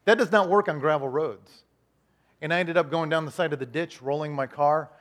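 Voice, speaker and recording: A middle-aged man with a high-pitched voice preaches a sermon like a conversation. He says his main points again and again, trips over his words and restarts. He briefly acts out the voices of other people as he goes. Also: moderate pace. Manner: conversational preaching, repeats key lines, stumbles and restarts; acts out voices of worshippers and complainers. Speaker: pastor.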